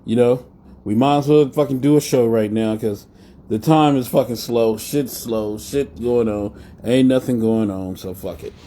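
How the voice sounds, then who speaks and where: A man's voice: medium pitch, moderate pace, warm tone, slight background noise. A man hosting a live wrestling talk show in a blunt, profane, rambling way. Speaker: podcast host. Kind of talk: casual live-stream rant.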